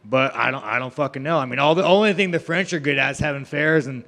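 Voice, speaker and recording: At a press event, a male fighter answers reporters in a media scrum, brash, profane, rambling, and joking. His mid-range voice is fast and a bit bright, with a big-room sound.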